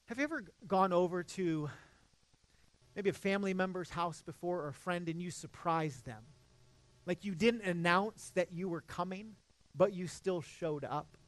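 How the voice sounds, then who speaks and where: A man's voice: high voice, moderate pace. A man in his thirties preaching a sermon in an earnest, conversational way, often restarting his sentences. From Midwest United States. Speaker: pastor.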